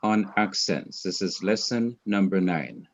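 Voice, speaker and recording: A man with a Jamaican accent teaching a class, going through his points slowly and one by one. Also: low voice, expressive, lo-fi sound, a little hiss or hum. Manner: slow, methodical, lists points one by one. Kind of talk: recorded class lecture.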